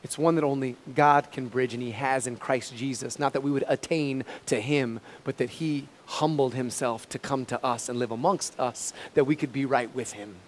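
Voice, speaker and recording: A man preaching a sermon as pastor, swinging from loud emphatic peaks down to quiet low asides. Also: steady tone, normal speed, few pauses, long reverb tail, slight background noise. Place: church sanctuary.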